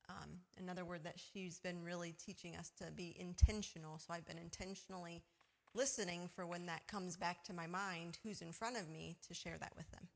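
A woman from the congregation sharing her thoughts in a church group, thoughtful and a little hesitant. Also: lowish voice.

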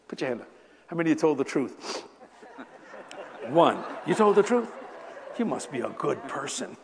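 A man's voice: fairly high pitch, creaky. A man in his seventies preaching a sermon, talking casually with the congregation and telling joking stories. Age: 70s. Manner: conversational, joking storytelling with congregation. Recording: long hall reverb.

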